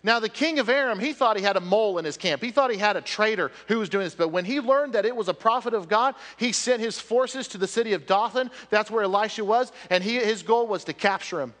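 Animated preacher man in a reverberant hall. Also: high-pitched, fast, few pauses. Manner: animated storytelling, drops to quiet appeals. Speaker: pastor. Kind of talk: sermon.

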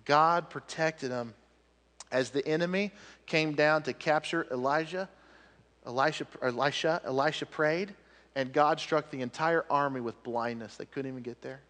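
Animated preacher man in a reverberant hall. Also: on the high side, moderate pace. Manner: animated storytelling, drops to quiet appeals. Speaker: pastor. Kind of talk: sermon.

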